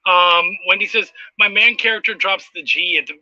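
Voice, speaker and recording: A man's voice: sits high, normal speed, pushed and bright, dry recording, muffled recording. A man hosting a casual interview, enthusiastic and profane, reading out viewer comments. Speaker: podcast host.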